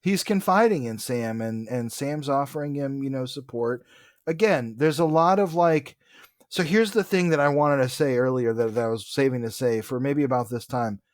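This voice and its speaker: A man's voice: mid-range voice, normal speed, no echo, studio quality. A man co-hosting a podcast, chatting loosely and offhandedly about comics, with casual swearing. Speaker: podcast co-host.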